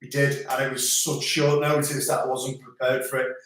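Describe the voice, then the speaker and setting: A man's voice: medium pitch, flat delivery, moderate pace, fairly bright tone. Man, middle-aged, easygoing jokey chat, distant from the mic, heavy room echo. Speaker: host's visiting brother. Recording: echoey room, away from the mic.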